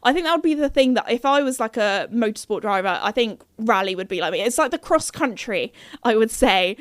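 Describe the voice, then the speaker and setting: On her podcast, a young woman's bubbly casual chat rambles along, full of fillers. She speaks fairly quickly with lively intonation in a slightly high voice, captured in a dry, studio-quality recording.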